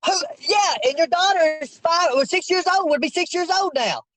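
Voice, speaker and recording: A man's voice: extremely high pitch, lively intonation, normal speed, fairly bright tone, dry recording, poor audio. Insistent, preachy man pressing hard. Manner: insistent, preachy, repeats himself. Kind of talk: heated confrontation over a call.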